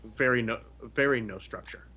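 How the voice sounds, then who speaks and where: A man's voice: medium pitch, normal speed, pushed and bright, a little hiss or hum. Male podcast guest, rambling jokey delivery, lots of fillers. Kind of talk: casual chat.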